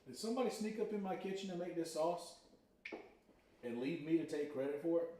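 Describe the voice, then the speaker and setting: A man hosting a casual cooking livestream from his home kitchen, excitable and boastful, exclaiming loudly about his own food. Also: on the high side, brisk, reverberant. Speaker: livestream host.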